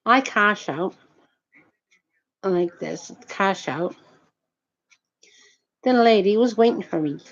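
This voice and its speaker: A woman tells a long, indignant story as a rambling rant, restarting often, swearing heavily, using nonstandard grammar and tacking on "you know what I mean." Her medium-pitched voice has lively intonation and goes slowly with long pauses. The lo-fi audio sounds dull.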